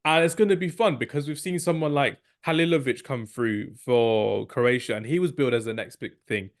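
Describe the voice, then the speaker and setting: A chatty man talks football with a co-host. His delivery is casual and jokey, full of quick asides, and his pitch sits in a normal middle range. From England. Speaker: podcast co-host.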